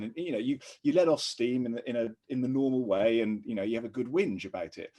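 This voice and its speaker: A man co-hosting a podcast, a former army officer, explains workplace leadership in a casual, conversational way. His mid-range, dark-toned voice moves quickly with few pauses, and he comes across as earnest and easygoing, laughing readily and restarting often.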